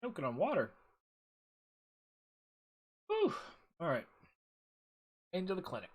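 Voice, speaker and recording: A man giving casual gameplay commentary with mumbled, unhurried asides. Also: sits high, huge pitch swings. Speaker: let's play streamer.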